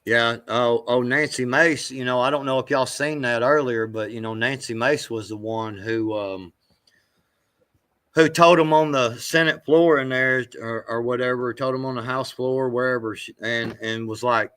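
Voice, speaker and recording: A man's voice: medium pitch, fairly even intonation, normal speed, fairly bright tone, smooth. A man hosting a show, reacting to clips in rambling, profane casual commentary with many restarts. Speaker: show host.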